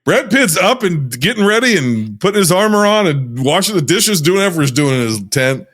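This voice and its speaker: A man co-hosting a casual podcast, talking in animated bursts with swearing and loud laughter. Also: high voice, brisk. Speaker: podcast co-host. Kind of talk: casual chat.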